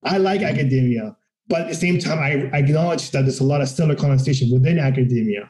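A man talking in a casual, profane political discussion, animated and acting out quotes of other people. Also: mid-range voice, fast, roomy sound, rough recording.

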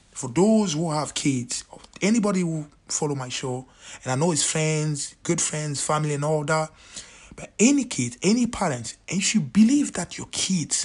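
A man's voice: on the high side, slightly rough. A man in his late thirties hosting his own show, giving an emphatic, opinionated commentary monologue, repeating his points and sometimes dropping to a near-whisper. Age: 30s. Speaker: show host.

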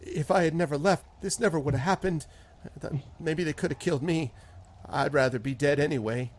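A man's voice: a little high, brisk, natural voice. A man doing a stammering, grief-struck farmer. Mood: despairing. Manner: stammering, repeats words, rural grammar. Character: grieving stammering male farmer, humble, desperate.

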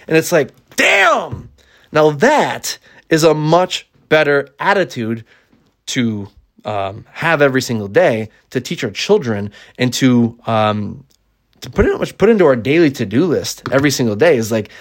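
A man's voice: mid-range voice, measured pace. A man talking casually to camera as a parent, blunt and opinionated, swearing freely and restarting often. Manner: blunt, swears freely, fillers and restarts, reads dialogue aloud with excitement. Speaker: parent reviewing a children's book. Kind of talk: casual opinionated vlog talk.

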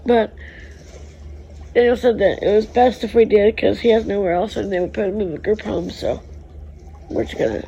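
A woman chatting casually in a rambling, folksy way, with filler words and soft laughs, speaking outdoors by a swimming pool. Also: medium pitch, fairly even intonation, normal speed, vocal fry, pauses often, husky, highs cut off. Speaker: family vlogger. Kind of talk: casual chat.

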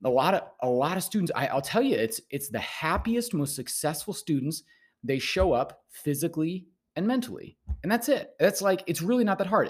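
A man, a teacher who hosts a podcast, giving casual rambling advice to students and often repeating his words. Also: mid-range voice.

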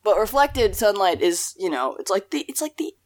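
A young woman co-hosts a relaxed podcast, musing over song lyrics in a loose, rambling way. Her voice still carries a rough morning edge. She laughs at herself and wanders off topic. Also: medium pitch, moderate pace. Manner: rambling, self-deprecating, laughs often. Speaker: podcast co-host. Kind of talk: casual chat about song lyrics.

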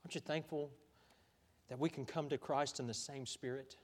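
A man's voice: mid-range voice, steady tone, moderate pace. A middle-aged man preaching a sermon as pastor, talking conversationally with frequent restarts and questions to the congregation. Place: church sanctuary. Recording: long church hall reverb.

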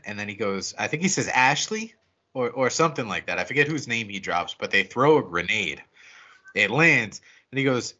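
Profane bright-voiced man recapping a movie. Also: medium pitch, muffled recording. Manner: profane, animated retelling with quick character voices. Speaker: podcast co-host.

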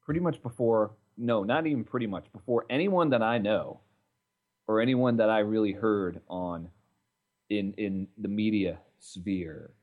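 A man's voice: lowish voice, measured pace, a little mellow. A man co-hosting a podcast, chatting casually about football with joking, sarcastic banter. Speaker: podcast co-host. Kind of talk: casual sports chat.

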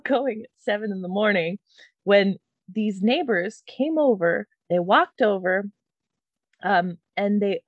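A young woman from Canada telling a comedic story, animated and profane, often laughing. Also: mid-range voice, no echo, lo-fi sound.

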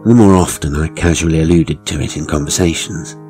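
A man narrating his own horror story in a measured, dryly ironic way. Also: very deep voice, darkish tone, faint music behind, low-quality recording. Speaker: author and narrator.

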